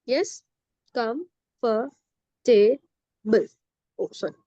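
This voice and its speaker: High-voiced teacher, dry close sound. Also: female voice, lively intonation, slow pace, a little mellow, no room sound, lo-fi sound. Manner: patient, repetitive, often checks "okay?" and slips into Hindi. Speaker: English grammar teacher. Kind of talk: classroom lesson.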